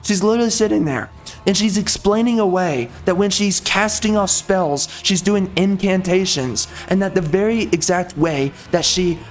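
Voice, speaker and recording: Man, game reviewer, ranting, sarcastic, high voice, faint music behind. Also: moderate pace. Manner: sarcastic, exasperated, blunt.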